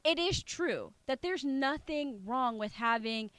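A woman co-hosting a casual political chat, animated, laughing often and mimicking others mid-sentence. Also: sits high, slow pace, no echo. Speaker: podcast co-host.

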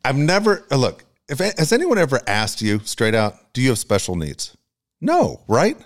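A man co-hosting a casual radio podcast, telling stories in a profane, animated way. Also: medium pitch, moderate pace. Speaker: co-host.

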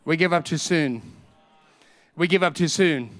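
A middle-aged Australian man preaching a lively sermon. He repeats his points with emphasis and tells stories with energy. His voice sits fairly high and rings smooth and resonant. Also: a little slow, big-room sound. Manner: animated storytelling, emphatic repetition.

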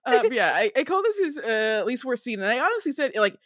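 A woman's voice: fairly high pitch, big pitch swings, fast, a bit bright, no room sound, clean studio sound. A woman co-hosting a podcast in casual chat, making wry jokes, laughing and swearing. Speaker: podcast co-host.

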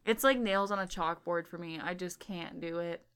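A woman in a casual chat, skeptical and firing off quick questions. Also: lowish voice, a crowd in the background.

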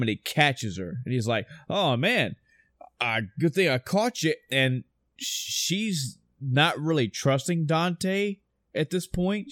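Chatting casually about a video game, this podcast host rambles with enthusiasm and curses often. His voice sits fairly high, and the studio recording is clean with no echo.

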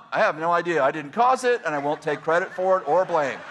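A middle-aged man, a pastor, telling stories in a casual, animated way and laughing often as he talks. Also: on the high side, fast, a little hiss or hum. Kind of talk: casual storytelling.

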